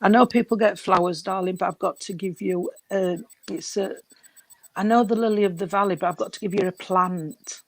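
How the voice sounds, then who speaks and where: The recording is dry and low quality, capturing a woman's mid-range voice, steady in tone and a little fast. She is giving an emotional spiritualist mediumship reading at a church service, tearful and loving, addressing the listener as darling and sweetheart.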